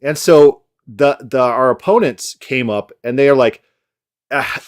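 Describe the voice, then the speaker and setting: A man hosting a casual commentary podcast, talking at an ordinary middle pitch. He riffs on a debate clip in an easygoing, mocking way. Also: unhurried, a little mellow. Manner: sarcastic, mocking impressions in quotes. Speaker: podcast host.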